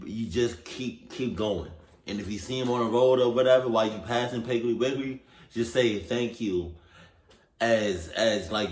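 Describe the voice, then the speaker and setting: A man giving casual reaction commentary in a loose, slangy, conversational way. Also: fairly low pitch. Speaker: reaction video host. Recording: roomy echo.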